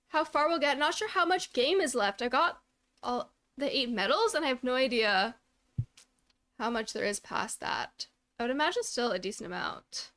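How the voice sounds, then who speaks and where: A young woman with a high, light voice chats casually on a live stream. She greets viewers by name in a bubbly, upbeat way and often drops into soft, mumbled asides. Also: animated, normal speed.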